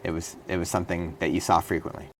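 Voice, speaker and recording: A middle-aged man speaks as an interview guest in a very deep voice. He tells his story earnestly and in detail, now and then restarting a phrase. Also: flat delivery, fast talker, a little hiss or hum. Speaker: interview guest, former state senator and prisoner. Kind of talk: studio interview.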